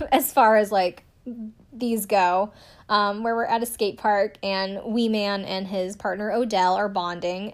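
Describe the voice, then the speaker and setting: Woman, casual show recap, indignant, swears a lot, chatty, mid-pitched voice. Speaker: recap commentator.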